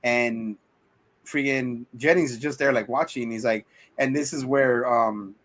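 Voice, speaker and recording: A man's voice: medium pitch, steady tone, unhurried, a bit bright. A man co-hosting a casual movie review chat, rambling through the plot with acted-out quotes and lots of swearing. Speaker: podcast co-host.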